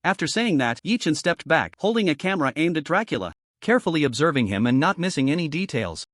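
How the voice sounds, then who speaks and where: A man's voice: on the high side, very animated, fast talker, a bit bright, no echo, studio quality. A man narrating a fantasy story recap in a scripted storytelling delivery.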